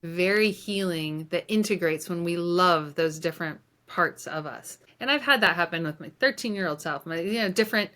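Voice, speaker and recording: A woman's voice: fairly low pitch, moderate pace, hardly any pauses, sharp tone. A woman life coach speaking as a podcast guest, reflective and earnest in conversational storytelling. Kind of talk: conversational interview.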